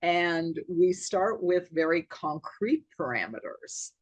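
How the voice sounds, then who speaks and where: A woman's voice: lowish voice, expressive, slow pace, no echo. A woman, a guest on a podcast, methodically explaining how to find sales prospects with concrete examples. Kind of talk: conversational podcast interview.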